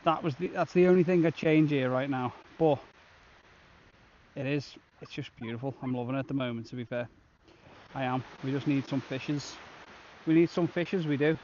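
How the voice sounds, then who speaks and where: A man's voice: medium pitch, normal speed, a little mellow, dull audio, a little hiss or hum. A man vlogging a shore fishing trip outdoors on a beach, chatting casually and upbeat to the camera. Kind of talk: casual outdoor vlog narration.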